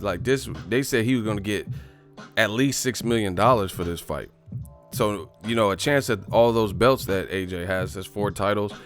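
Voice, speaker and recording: Low-voiced man ranting profanely. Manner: profane, rambling, exasperated. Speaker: boxing channel host. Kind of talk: casual ranting vlog.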